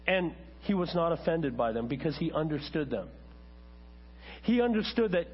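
Husky-voiced pastor preaching over a hum. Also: male voice, on the high side. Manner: conversational preaching with asides to the congregation, animated when telling stories. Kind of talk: sermon. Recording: dull lo-fi church recording with mains hum.

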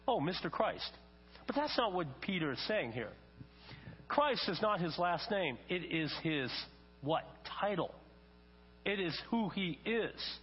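Telling stories from the pulpit, an older man acts out quotes with mounting emphasis as he preaches, a pastor in an unhurried, sing-song voice that sits high with a breathy edge. Long reverb, a faint mains hum, and dull lo-fi quality color the audio.

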